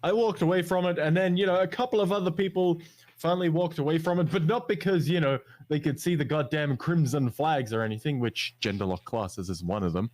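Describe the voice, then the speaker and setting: A man's voice: fairly high pitch, brisk, a little mellow. An Australian man co-hosting a casual gaming chat, ranting with lots of swearing and mocking voices. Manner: ranting, profane, mocking quotes. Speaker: podcast co-host.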